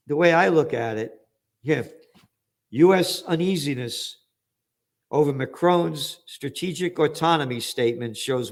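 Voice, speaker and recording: An older American man hosting an opinionated current-affairs commentary, blunt and profane with sarcastic outbursts. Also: a little high. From United States. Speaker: host.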